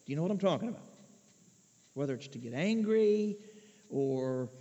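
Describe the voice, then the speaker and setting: High-voiced preacher in an echoey hall. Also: male voice, expressive, normal speed. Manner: swings from hushed to shouting. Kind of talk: sermon. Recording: muffled echoey hall recording.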